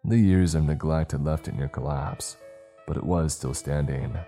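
Deep dark guy narrating a scary story slow and ominous, faint music under it. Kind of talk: scripted horror narration.

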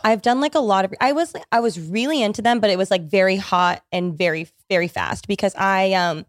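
A young woman hosting a casual podcast chat, excitable, with gasping and laughing reactions. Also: mid-range voice, a little fast, dry recording, studio quality.

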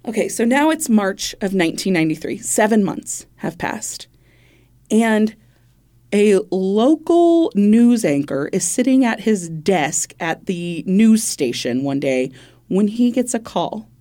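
A woman's voice: medium pitch, big pitch swings, a little slow, dark tone. A woman co-hosting a podcast, telling a true-crime case in a loose, conversational way, laughing often and swearing now and then. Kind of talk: casual true-crime storytelling.

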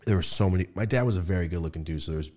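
A man's voice: low-pitched, racing. A man hosting a podcast, telling a story in casual chat, swearing freely and acting out voices as he goes. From California. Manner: animated, swearing, acts out voices with laughs. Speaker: podcast host.

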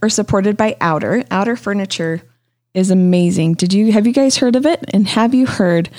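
A woman's voice: medium pitch, normal speed, darkish tone. A woman co-hosting an interior design podcast, talking in an upbeat, enthusiastic way. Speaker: podcast co-host. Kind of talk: casual chat.

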